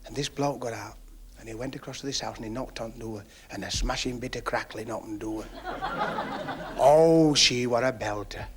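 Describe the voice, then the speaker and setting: Male stand-up, mid-pitched, chatty yarn-spinner with hushed asides. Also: moderate pace, a little hiss or hum. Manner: chatty storyteller, drops to confiding asides. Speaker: stand-up comedian. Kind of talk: stand-up joke telling. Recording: 1970s television studio recording.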